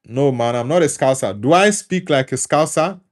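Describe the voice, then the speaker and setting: A Nigerian man with an Igbo background hosting a relaxed football talk show, reading out chat comments and answering them in an easygoing way. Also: fairly high pitch, moderate pace. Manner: easygoing, repeats words while thinking. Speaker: host reading live chat.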